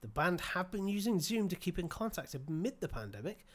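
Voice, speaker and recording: A man's voice: sits high, sing-song, brisk. A man co-hosting a music podcast, dry and sarcastic as he reads out news items. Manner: dry, sarcastic, laughs a lot. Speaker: podcast co-host. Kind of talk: casual chat.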